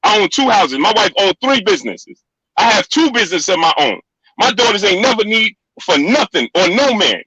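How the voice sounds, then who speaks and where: High, bright, insistent middle-aged man. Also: very animated, normal speed, slightly rough, no echo, poor audio. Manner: insistent, repeats himself, talks over others. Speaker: live-stream debater. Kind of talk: heated live-stream argument.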